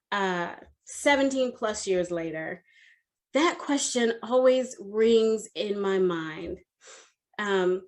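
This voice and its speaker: A woman in her forties, a coach, telling a personal story in an expressive, animated way at an online summit. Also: medium pitch.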